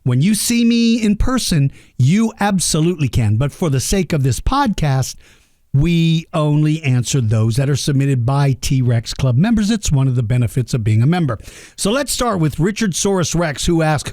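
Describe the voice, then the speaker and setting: A man hosts a kids' podcast in a loose, rambling way, joking and laughing at his own tangents. His voice sits fairly high and swings up and down a lot, and the sound is close and dry. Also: darkish tone, no echo. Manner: rambling and jokey, laughs at himself. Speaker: podcast host. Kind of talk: casual podcast talk for kids.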